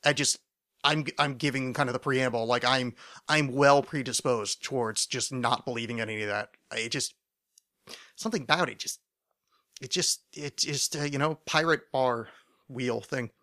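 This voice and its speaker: A man's voice: medium pitch, moderate pace, pushed and bright. A man hosting a solo podcast, rambling in a loose monologue with many fillers, restarts and frequent swearing. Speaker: podcast host.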